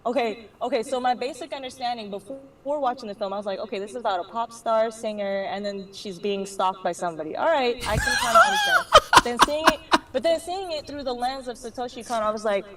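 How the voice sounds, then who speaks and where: A woman in a casual chat, telling an animated story full of slang and frequent laughs. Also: fairly high pitch, fast talker, recorded from a distance, very noisy. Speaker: guest on a live drawing stream.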